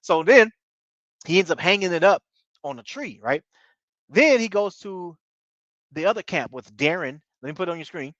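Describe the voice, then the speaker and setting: A man's voice: high voice, animated, normal speed, pauses often, a bit bright, dry recording. A man giving a casual, rambling recap of a TV episode, repeating himself and leaning on fillers like "you know what I mean". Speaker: TV show reviewer. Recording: dull lo-fi dry recording.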